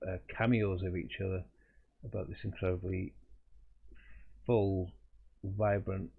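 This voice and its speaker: Brief: middle-aged male artist streamer, lowish voice, tinny phone-like sound, chatty rambling storyteller. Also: flat delivery, measured pace, creaky. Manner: rambling, chuckling, restarts mid-sentence. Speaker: artist hosting a live drawing stream. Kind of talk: casual anecdotal storytelling.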